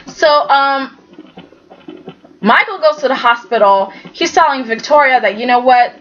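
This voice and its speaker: A woman's voice: sits high, animated, unhurried, fairly bright tone, highs cut off. A woman recapping a soap opera episode in a casual vlog, chatty and exasperated, acting out the characters' lines.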